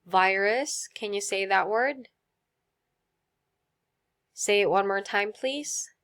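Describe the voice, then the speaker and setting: A woman leads a vocabulary lesson at an unhurried, deliberate pace. She pronounces each word with care, has her listeners repeat it, and answers with quick praise. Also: mid-range voice, a bit bright. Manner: slow, clear drills with repeat prompts and praise. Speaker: teacher.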